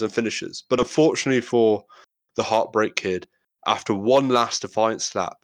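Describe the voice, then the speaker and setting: A male wrestling podcast host, with a lowish voice and no echo, reads a countdown entry in a steady announcer tone. The talk mixes a scripted segment intro with casual chat.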